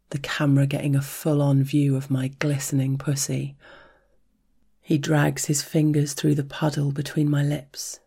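Woman, story reader, soft intimate narration, slow, flat delivery. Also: sits low, creaky, husky. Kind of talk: scripted narration.

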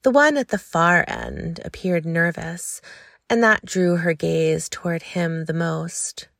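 A woman reading an intimate story aloud in a slow, hushed, lingering way. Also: lowish voice, vocal fry, no room sound, studio quality. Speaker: narrator.

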